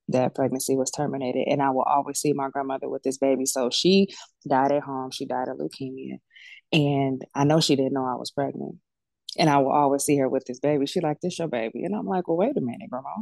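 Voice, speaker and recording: A woman's voice: very deep voice, vocal fry, darkish tone, no echo. Candid woman telling her story, dry sound. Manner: candid, colloquial, storytelling with quoted voices. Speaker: death doula and medium, podcast guest. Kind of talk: casual heartfelt interview talk.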